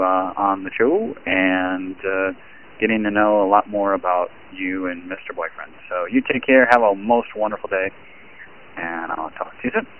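A man calls in from his car and leaves a long, rambling voicemail, stringing thoughts together with plenty of ums. His voice sits low, and it comes through a thin, tinny phone line with a faint hiss behind it. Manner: rambling and chatty, many fillers. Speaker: caller, sales rep. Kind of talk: voicemail message to a podcast. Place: in a car while driving.

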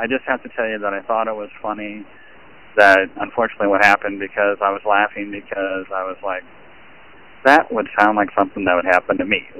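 A man calls in from his car and leaves a long, rambling voicemail, stringing thoughts together with plenty of ums. His voice sits low, and it comes through a thin, tinny phone line with a faint hiss behind it. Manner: rambling and chatty, many fillers. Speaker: caller, sales rep. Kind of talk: voicemail message to a podcast. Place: in a car while driving.

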